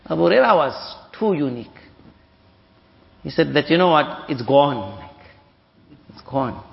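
A man teaching a hadith lesson in a relaxed, conversational way, voicing the people in his stories as he goes. His voice sits a little high for a man. The recording is dull and lo-fi, with a long reverb trailing off every phrase. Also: gravelly. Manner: casual storytelling, acting out dialogue. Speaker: Islamic teacher.

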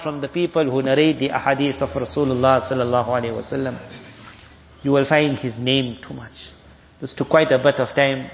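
A man teaching a hadith lesson in a relaxed, conversational way, voicing the people in his stories as he goes. His voice sits a little high for a man. The recording is dull and lo-fi, with a long reverb trailing off every phrase. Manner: casual storytelling, acting out dialogue. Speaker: Islamic teacher.

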